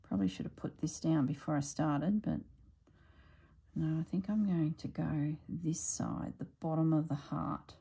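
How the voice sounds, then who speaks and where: A middle-aged woman chatting casually while she stitches, thinking aloud and drifting into soft asides. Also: low voice, unhurried, vocal fry, slightly rough, low-quality recording. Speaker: slow-stitching vlogger.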